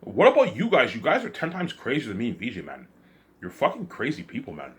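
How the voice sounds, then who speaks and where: A man's voice: fairly low pitch, wildly swooping pitch, quick pace, fairly bright tone. A man delivering an agitated, repetitive, accusing rant straight to camera. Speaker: vlogger. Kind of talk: ranting monologue to camera.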